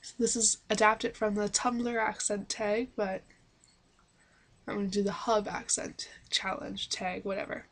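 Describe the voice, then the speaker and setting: A woman's voice: medium pitch, level tone, unhurried. A woman from Manitoba with a Canadian accent, reading questions aloud and answering them plainly in a casual accent-challenge vlog, recorded on a webcam microphone. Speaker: vlogger.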